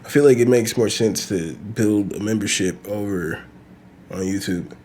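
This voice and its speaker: Low-voiced man rambling on his podcast. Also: moderate pace, darkish tone, a little hiss or hum. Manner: loose, profane, rambling with laughs. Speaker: podcast host. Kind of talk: casual solo podcast rant.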